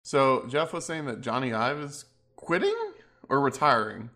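A man's voice: mid-range voice, moderate pace, sharp tone. A man hosting a casual tech podcast, blunt and sweary, reading notes aloud. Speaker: podcast host. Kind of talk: casual chat.

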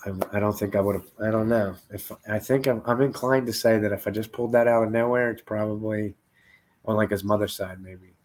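A man's voice: on the low side, steady tone, brisk, a little mellow, slight background noise. Tired, rambling male podcast host. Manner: laid-back, rambling, swearing. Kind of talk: casual chat.

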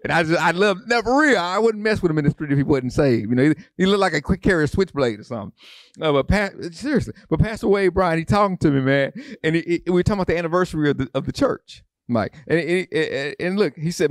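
A male pastor delivers an animated sermon. He keeps repeating phrases and throwing questions at the congregation. His voice sits a little high and is recorded dry and close. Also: quick pace, no echo.

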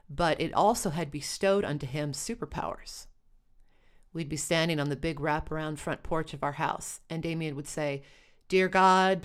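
Low-voiced woman telling a wry story. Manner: wry, dry humor. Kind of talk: first-person storytelling.

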